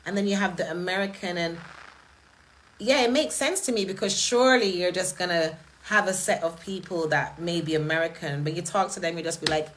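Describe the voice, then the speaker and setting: A middle-aged woman, hosting and talking casually in a chatty, animated way, laughing often. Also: fairly low pitch, a little fast, slight background noise, poor audio. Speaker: event host. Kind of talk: casual monologue.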